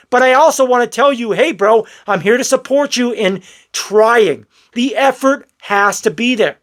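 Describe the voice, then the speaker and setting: A man's voice: very high voice, a bit bright. A man talking straight to his viewers in a blunt, preachy vlog commentary, calling them bro. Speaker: vlogger. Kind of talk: direct-to-camera commentary.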